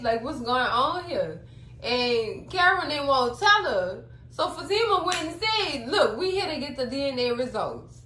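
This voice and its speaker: A TV recap vlogger with a high, fairly bright voice chats casually through an episode summary, dramatically acting out the characters' lines. The room is echoey, and a faint hum is audible.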